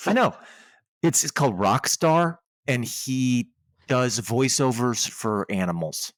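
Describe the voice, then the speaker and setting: A man in his forties co-hosting a podcast, telling family stories in a chatty, animated way with quick asides. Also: medium pitch, no room sound. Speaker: podcast co-host. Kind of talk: casual chat.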